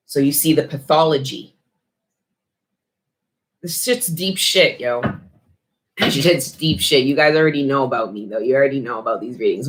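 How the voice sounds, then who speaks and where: Blunt, profane woman reading tarot. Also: deep voice. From Canada. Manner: blunt, profane, street slang. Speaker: tarot reader. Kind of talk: casual spiritual tarot reading.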